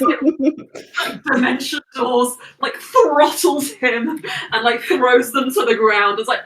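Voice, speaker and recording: Bright, echoey woman game master. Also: fairly high pitch, a little slow, far from the mic. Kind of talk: narrating a tabletop game. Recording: echoey room, voice from off-mic.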